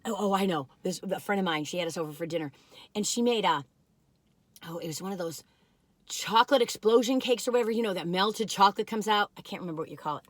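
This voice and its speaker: A middle-aged woman chatting casually and excitedly as she taste-tests and reviews cookies, talking while she eats. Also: mid-range voice, fast talker, dry recording. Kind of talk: casual taste-test chat.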